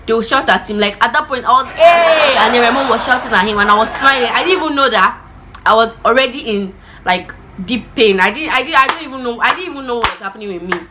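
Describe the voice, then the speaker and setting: A young adult woman telling a personal story in a casual vlog, animated and acting out the voices of the people in it. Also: a little high, a little hiss or hum. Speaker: vlogger.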